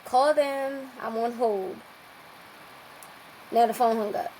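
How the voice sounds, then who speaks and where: Lively young woman telling a story. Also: fairly high pitch, slow, slight background noise, poor audio. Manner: lively, acts out quoted dialogue. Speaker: podcast guest. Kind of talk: casual storytelling.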